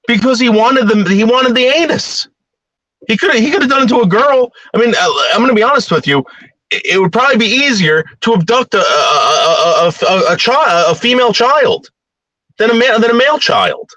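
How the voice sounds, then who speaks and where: A man holds forth in a heated, profane rant, blunt and unfiltered. His voice is bright and edgy, and his pitch swings widely. The sound is close and dry, with no room around it. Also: very animated, brisk, no echo, low-quality recording. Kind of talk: ranting opinion monologue.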